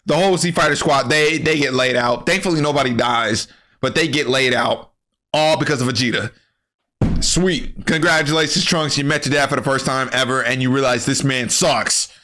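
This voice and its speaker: A man giving a comedic, profane anime recap, animated and full of slang. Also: medium pitch, moderate pace, slight background noise. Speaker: anime commentary creator.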